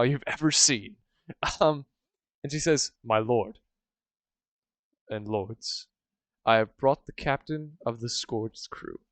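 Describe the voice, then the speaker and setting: A man's voice: lowish voice, smooth, no room sound. A man running a tabletop game as game master, narrating casually with rambling sentences and many fillers.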